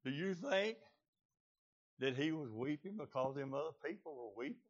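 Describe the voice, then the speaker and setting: A man preaching a fiery, folksy storytelling sermon, filling pauses with "uh" and shouts of praise. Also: a little high, lively intonation. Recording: slightly muffled lo-fi recording.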